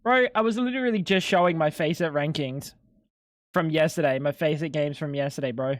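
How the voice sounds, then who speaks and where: Briskly and with a voice on the high side, a young man chats with viewers during a live stream. He's laid-back and slangy, swears a bit, and the audio is clean studio sound with no room sound.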